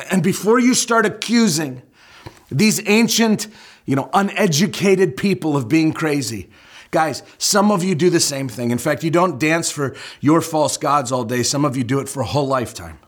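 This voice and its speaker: Lively storytelling preacher man. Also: on the high side, moderate pace. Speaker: pastor. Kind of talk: sermon.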